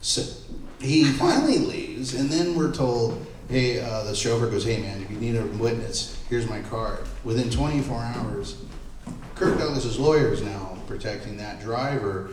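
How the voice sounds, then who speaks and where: A middle-aged man telling stories at a live panel event, jumping into the voices of the people he quotes. His voice sits at an ordinary pitch and carries a strong, boomy room echo, picked up from some distance away from the mic. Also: moderate pace, background noise. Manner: animated, acts out quoted voices. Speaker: entertainment photographer on a panel. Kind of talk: anecdotal storytelling at a live panel. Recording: echoey room, mic far off.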